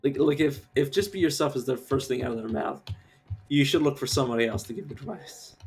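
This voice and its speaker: Faint music plays behind a man streaming his gameplay, his mid-range voice brisk, a little mellow, and touched with vocal fry. His commentary is a rambling, casual rant packed with swearing and fillers.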